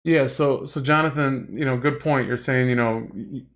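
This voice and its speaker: A man's voice: medium pitch, moderate pace. A middle-aged man hosting a casual comic art livestream, rambling and chatty as he draws and reads viewer comments. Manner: rambling and chatty, many fillers and restarts, reads chat aloud.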